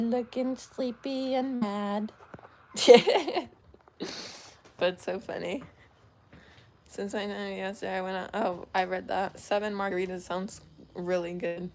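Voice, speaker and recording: A woman's voice: medium pitch, slight background noise. A woman chatting casually on a live stream from home, cooing at her dogs in a baby voice. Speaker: streamer doing makeup. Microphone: phone. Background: dogs barking and whining.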